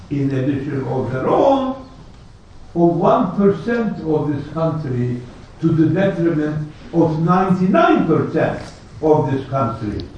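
A high-voiced man preaching a sermon, with very slow, deliberate pacing and a string of rhetorical questions. He sounds distant in a strongly echoing hall. The recording is dull and lo-fi. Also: a little mellow, a little hiss or hum. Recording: echoey hall, distant lo-fi mic.

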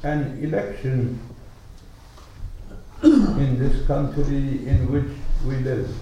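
A man preaching a sermon, telling a story in a slow, emphatic, deliberate way. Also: mid-range voice, lively intonation, dark tone, a little hiss or hum. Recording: echoey hall from far off.

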